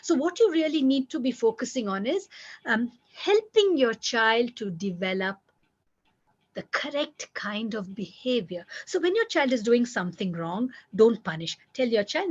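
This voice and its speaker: Woman parenting coach, high voice, direct and repetitive delivery, dull lo-fi recording. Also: animated, normal speed, slightly rough. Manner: direct, repeats key phrases. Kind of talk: lecture to parents.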